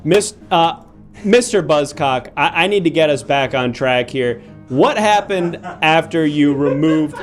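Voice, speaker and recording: A man's voice: on the high side, lively intonation, faint music behind. A man playing an exasperated trial judge. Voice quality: measured, questioning, exasperated. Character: exasperated male judge presiding over a trial. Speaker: improv performer playing a judge. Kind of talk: improv comedy role-play.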